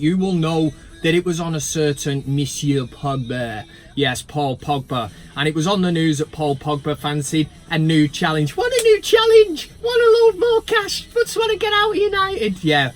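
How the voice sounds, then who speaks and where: A man hosting a fan channel, talking in a sweary, sarcastic, animated rant. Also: on the high side. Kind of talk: ranting casual vlog.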